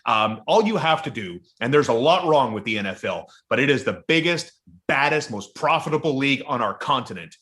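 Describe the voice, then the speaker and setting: A man's voice: mid-range voice, expressive, fairly quick, a bit bright. A man co-hosting a sports podcast who gives blunt, opinionated takes in casual chat. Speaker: podcast co-host.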